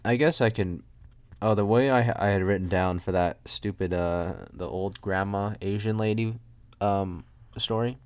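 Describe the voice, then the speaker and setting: A man's voice: on the low side, unhurried, a little mellow, clean tone. Rambling, joking young man podcaster. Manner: joking, self-mocking, trails off and restarts. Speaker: podcast host. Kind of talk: rambling solo podcast monologue. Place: room at home with a loud air conditioner.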